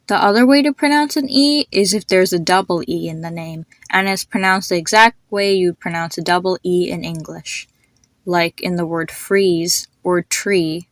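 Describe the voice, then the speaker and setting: A woman hosting a pronunciation lesson, demonstrating sounds slowly and repeating them for the listener. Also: fairly low pitch, no room sound. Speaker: host teaching pronunciation.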